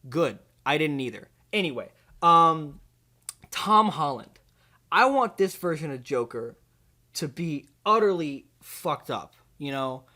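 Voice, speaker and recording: This young male comedy host moves slowly as he describes an outlandish film pitch. His tone stays flat and deadpan, and he drifts around with lots of fillers.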